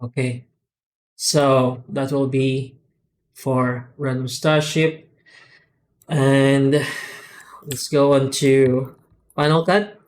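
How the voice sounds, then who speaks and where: Man hesitantly explaining software tool updates. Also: medium pitch, flat delivery. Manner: halting, unscripted, with frequent "uh" and "um" pauses and restarts; methodical, explanatory walkthrough. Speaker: software tool developer demonstrating add-ons. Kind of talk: screen-recorded software tutorial.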